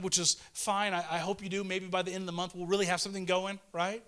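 A man in his thirties giving a casual, earnest devotional sermon, pleading with listeners and swinging between fervent urgency and hushed tenderness. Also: high voice, level tone, fast talker, hardly any pauses, smooth. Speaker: preacher.

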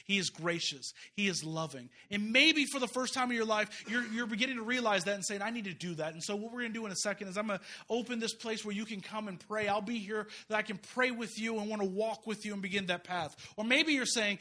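Impassioned preacher man, high bright voice. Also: fast, hardly any pauses. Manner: impassioned, swings between loud urgent peaks and quiet low asides; folksy, uses y'all and slang. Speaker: guest preacher. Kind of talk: sermon.

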